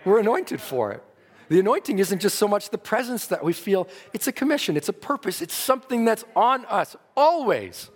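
A man's voice: sits high, big pitch swings, normal speed, big-room sound. A man preaching a sermon earnestly, his emphasis rising and falling.

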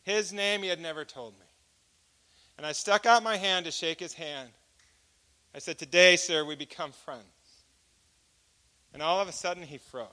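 A man preaching a personal testimony as an animated storyteller who acts out each exchange of dialogue. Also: high-pitched, normal speed, long pauses. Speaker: speaker giving a testimony.

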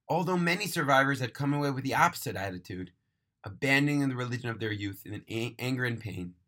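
A man narrating a moving story aloud, earnest and emphatic, slowing down on key phrases. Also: mid-range voice, bright, forceful tone. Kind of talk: dramatic storytelling read-aloud.

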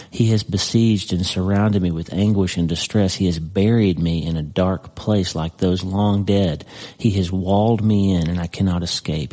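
A man's voice: deep voice, dark tone. A man preaching a sermon, reading scripture aloud and commenting on it conversationally, with emphatic repetition. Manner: emphatic, repeats phrases for effect. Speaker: pastor.

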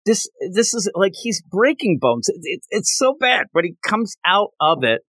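A man co-hosting a podcast in a casual talk about a manga chapter, retelling scenes with lively jumps in his voice. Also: moderate pace, dry recording. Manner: animated retelling with big pitch jumps. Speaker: podcast co-host.

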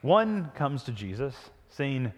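A pastor preaching a sermon with animated storytelling, often dropping to a hush. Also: male voice, mid-range voice, slow pace, long reverb tail.

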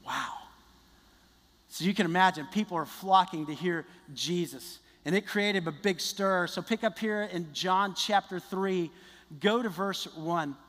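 A man preaching a sermon in a conversational, animated way, often restarting his sentences. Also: sits high, unhurried. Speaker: pastor. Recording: long reverb of a large hall.

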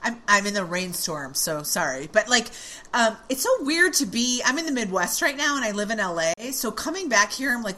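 A woman podcast host with a fairly high voice, talking in a relaxed chat. She sounds earnest and reflective and drops casual swearing into her thoughts. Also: normal speed.

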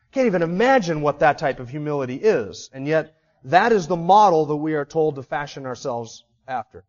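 A middle-aged male pastor preaching a sermon with emphatic delivery, swinging from loud to quiet. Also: high voice, muffled recording.

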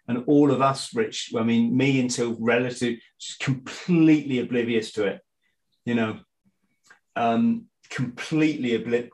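A middle-aged man, a guest in a casual conversation, talking in a halting way with frequent restarts and fillers. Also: medium pitch, low-quality recording. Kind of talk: casual conspiracy chat.

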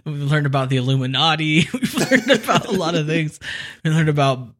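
Brief: American co-host, young adult, lively, self-mocking, higher voice. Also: male voice, a little fast. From California. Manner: laughs often, animated, self-mocking. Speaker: podcast co-host. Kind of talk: casual chat.

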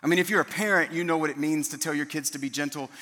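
A man's voice: a little high, steady tone, fast talker, sharp tone, in a large hall. A middle-aged man preaching a sermon as a pastor, earnest and often restarting his words.

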